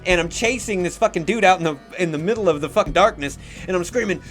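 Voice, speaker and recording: A young man with a fairly high voice tells a rambling story, swearing constantly and veering off on tangents. He breaks into loud, animated outbursts when he quotes himself. Faint music plays behind him. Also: racing, hardly any pauses. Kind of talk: casual storytelling.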